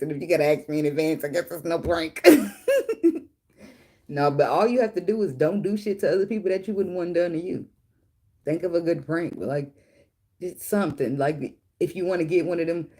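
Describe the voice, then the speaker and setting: A woman's voice: low voice, warm tone, slightly rough. A middle-aged woman hosting a casual chat with viewers. She tells blunt, profane stories and laughs often. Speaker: tarot reader and channel host.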